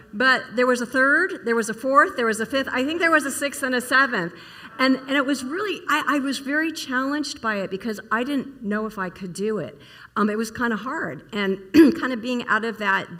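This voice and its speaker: Woman preacher, kinda high bright voice, chatty story sermon, keeps asking the crowd stuff. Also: normal speed. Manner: chatty, storytelling, asks the audience questions. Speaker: minister. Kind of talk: casual sermon to a congregation. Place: church service hall.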